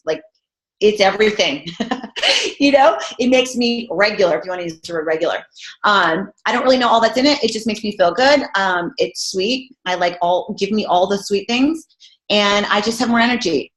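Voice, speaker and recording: A woman's voice: medium pitch, a little fast, a bit bright. A woman fitness coach giving a casual, jokey motivational talk in a chatty, bubbly manner. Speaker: fitness coach guest speaker. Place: room, online hangout. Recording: roomy echo.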